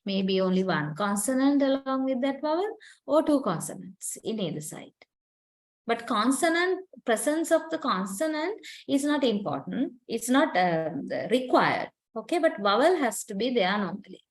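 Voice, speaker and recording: A woman's voice: fairly high pitch, sing-song, normal speed, poor audio. A woman giving a university lecture, explaining patiently, quizzing students and using many fillers.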